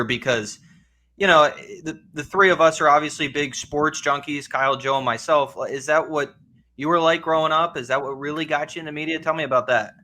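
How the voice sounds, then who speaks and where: A man's voice: fairly high pitch, pushed and bright. A man co-hosting a sports podcast, asking questions in an easygoing, friendly way. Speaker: podcast co-host. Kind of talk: casual chat.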